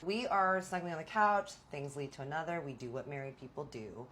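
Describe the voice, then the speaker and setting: A woman's voice: low voice, brisk, fairly bright tone, a little hiss or hum. A woman vlogger telling a personal story in a chatty, confiding way, speaking straight to her viewers. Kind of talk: casual storytelling.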